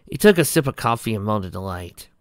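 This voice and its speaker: A man narrating a fan fiction chapter aloud in a plain, even storytelling read. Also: lowish voice, fast, no echo, clean studio sound.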